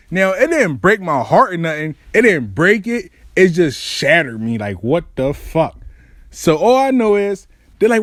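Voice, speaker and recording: Animated, profane young man telling a story. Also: high-pitched, moderate pace, no room sound, clean studio sound. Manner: animated, profane, acts out quotes. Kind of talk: comedic personal storytelling.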